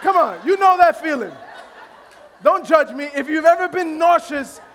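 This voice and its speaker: A male pastor telling a humorous story during a sermon, animated and self-deprecating, laughing often and restarting his sentences. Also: very high voice, moderate pace.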